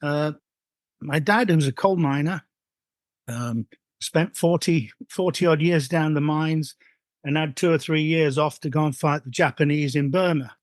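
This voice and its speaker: An older man from Yorkshire recalling his football youth in an interview, talking in rambling, halting sentences with many restarts. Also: on the high side, dry recording. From Yorkshire, England. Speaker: former footballer, guest. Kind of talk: interview storytelling.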